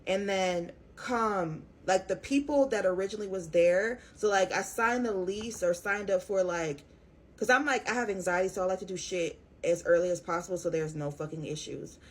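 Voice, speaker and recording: A young woman telling a personal story to her viewers in a casual, profane, animated way. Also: mid-range voice, moderate pace. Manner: profane, animated, talks straight to her audience. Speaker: tarot reader.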